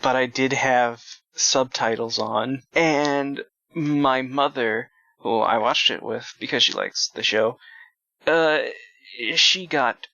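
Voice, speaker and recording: A man's voice: mid-range voice, slow, pushed and bright, dry recording. A man co-hosting a discussion podcast, wry and quippy, stumbling a little between thoughts. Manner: wry, quips, hesitant. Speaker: podcast co-host. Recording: dry, muffled lo-fi mic.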